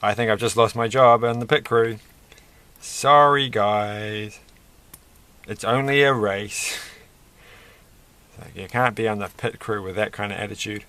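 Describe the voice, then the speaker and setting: A man's voice: lowish voice, fairly even intonation, moderate pace, a bit bright. A man hosting a casual toy-building video, rambling and chatty with self-deprecating asides. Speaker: host.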